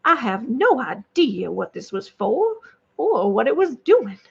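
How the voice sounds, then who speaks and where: Woman vlogger, high voice, rambly casual read-aloud with asides, dull lo-fi audio. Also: big pitch swings, measured pace, vocal fry, slightly rough. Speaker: vlogger reading online stories. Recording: dull lo-fi recording.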